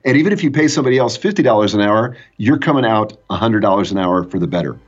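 A man speaking as a podcast guest and business coach, telling an animated anecdote. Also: fairly low pitch, fast talker, slightly rough, dull audio. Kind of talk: conversational storytelling.

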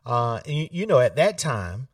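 Animated man, set back from mic. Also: mid-range voice, normal speed, no echo, clean studio sound, far from the mic. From South Carolina. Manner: animated, laughs often, acts out family voices. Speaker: political candidate, guest. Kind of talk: casual storytelling interview.

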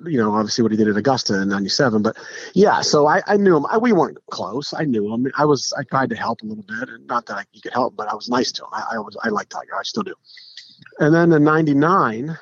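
A middle-aged man, a podcast guest, telling stories in a casual, animated way, with frequent restarts and acted-out quotes. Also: on the low side, breathy edge, dry recording. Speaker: podcast guest, pro golfer. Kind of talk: casual storytelling. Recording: dull lo-fi podcast audio.

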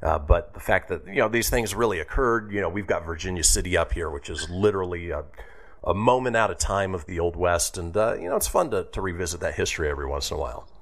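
A man's voice: low voice, quick pace, fairly bright tone. A man hosting a radio show, chatting casually and laughing as he reads out a history segment.

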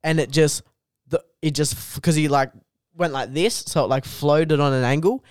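Young male comedian, foul-mouthed animated storyteller, medium voice, dry studio sound. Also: fairly high pitch, normal speed, clear, resonant tone, no room sound. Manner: animated storytelling, heavy swearing. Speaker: comedian guest. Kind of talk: casual podcast chat.

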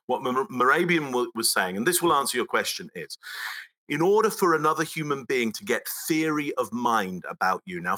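A man being interviewed on a podcast, explaining his field in an emphatic, step-by-step way. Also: mid-range voice. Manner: emphatic, animated explainer who breaks ideas into steps. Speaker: body language expert guest.

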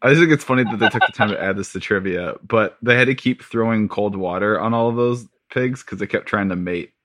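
A man making deadpan, sarcastic remarks in a casual film chat. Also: on the low side, a little fast, dry recording, clean studio sound.

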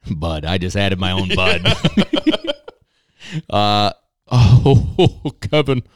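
A man putting on a jolly old Santa Claus voice with an Irish-tinged twang and booming ho-hos. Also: expressive, extremely slow, no room sound, clean studio sound.

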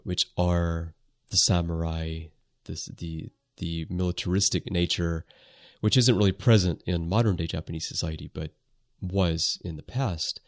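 Male podcast host, very low voice, thoughtful and descriptive. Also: fairly even intonation, a little slow. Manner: thoughtful, descriptive, uses filler words. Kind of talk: casual chat.

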